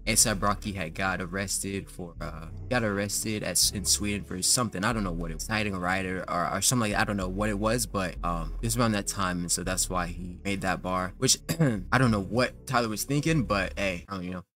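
A man's voice: low-pitched, brisk, hardly any pauses, a bit bright. A young man hosting a reaction video, talking casually and incredulously with lots of slang. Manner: slangy and incredulous, full of "like" and "bro".

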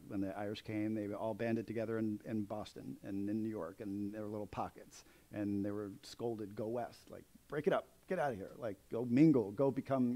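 Male author, lowish mellow voice, halting and thoughtful. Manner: hesitant, many restarts and fillers. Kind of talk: conversational book interview. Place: bookstore event space.

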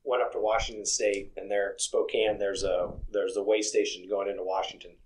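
A low-pitched man talking in a loose, easygoing way. He is a truck driver in a casual interview, and he wanders through his stories with plenty of "you know" fillers. His delivery is relaxed and conversational. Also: fairly quick, low-quality recording.

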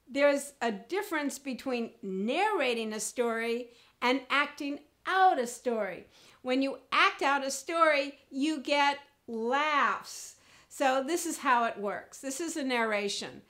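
A woman teaching comedy and public speaking in an animated, demonstrative way, acting out examples as she goes. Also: high-pitched. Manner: animated, demonstrative, jumps into character voices. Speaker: speaking coach. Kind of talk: comedy presentation lesson.

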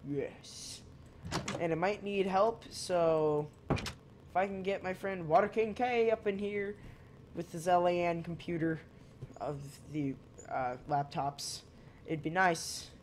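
A male gamer talks through his play slowly and loosely, drifting between jokes, asides to his viewers and remarks to his cat. His speech is drawn out and unhurried, and faint noise sits under the voice. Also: high voice, fairly even intonation. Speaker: gaming channel host. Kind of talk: casual gameplay commentary.

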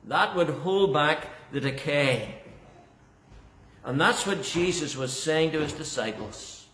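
A man's voice: fairly high pitch, expressive, slow pace, a bit bright, slight background noise. A man preaching a sermon as pastor, earnest and emphatic, often repeating words for stress. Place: church. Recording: echoey church hall.

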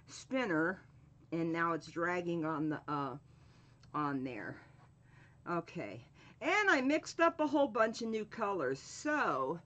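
Slow, chatty woman painting on a livestream. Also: lowish voice, a bit bright, dull audio. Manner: chatty, greets viewers by name while working; slow, drawn-out speech with frequent fillers. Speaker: craft channel host. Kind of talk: live-stream painting tutorial chat.

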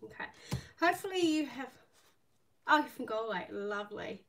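A woman's voice: a little high, lively intonation, moderate pace, a bit bright. Woman, middle-aged, Irish-Australian accent, chatty live-class teacher, mic set a bit back. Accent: Irish mixed with Australian. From Northern Ireland. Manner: chatty, greets viewers by name. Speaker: art teacher. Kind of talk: live online craft class. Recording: slightly distant mic, faint noise.

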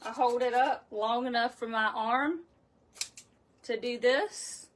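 A woman's voice: a little high, steady tone, slow pace. Chatty woman hosting a craft livestream. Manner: talkative, chats with live viewers by name. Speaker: wreath-making host. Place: home craft room.

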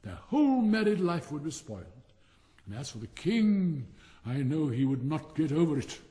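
A man's voice: a little high, sing-song, moderate pace, warm tone, big-room sound. A man voicing a vain, touchy male firework rocket in a haughty, theatrical manner for a storybook. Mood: indignant. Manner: haughty, self-important, theatrical.

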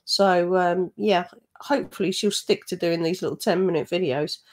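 A woman's voice: lowish voice, moderate pace, a little mellow. A woman hosting a reaction commentary channel, talking in a blunt, scornful, chatty way with frequent laughs.

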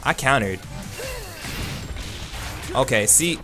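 A man commentating his own online fighting game matches, animated and self-deprecating, with quick outbursts and laughs. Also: medium pitch. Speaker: gaming YouTuber. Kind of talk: let's play commentary. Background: game music.

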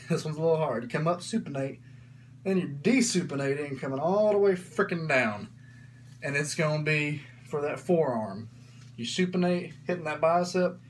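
Man, mid-pitch, easygoing workout coach, slightly winded, faint hum behind. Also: a bit bright, rough recording. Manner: casual, coaching, says y'all and frickin'. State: slightly out of breath. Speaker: fitness vlogger. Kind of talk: casual workout demonstration.

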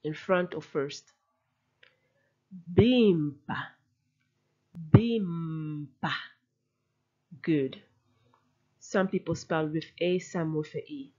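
Slow, careful woman teaching pronunciation. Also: sits low, fairly even intonation, darkish tone, highs cut off. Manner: slow, careful drills, repeating words with rising emphasis. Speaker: language teacher. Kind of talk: recorded pronunciation lesson.

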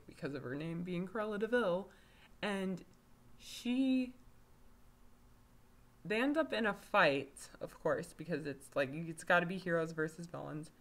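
A woman's voice: on the low side, a bit bright. A woman giving a casual video review of a story, rambling, with lots of fillers and self-corrections. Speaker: fanfiction reviewer.

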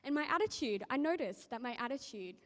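A woman speaks at church, reading scripture aloud and then telling a casual testimony full of ums and likes. Her voice sits fairly high, and it rings out with a long reverb through the hall. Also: animated, a little fast. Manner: chatty, many ums and likes. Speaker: church member sharing a testimony.

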